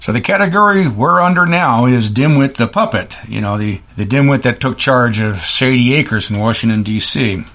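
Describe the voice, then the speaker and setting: A man hosting a political commentary show, ranting scornfully in quick bursts with frequent restarts. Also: medium pitch, expressive, fairly bright tone, soft background music. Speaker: host.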